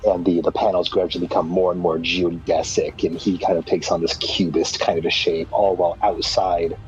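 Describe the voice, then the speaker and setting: A man's voice: sits low, level tone, normal speed, faint music behind. A man playing a tabletop game, describing a scene imaginatively and rambling with fillers. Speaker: player. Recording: dull lo-fi mic.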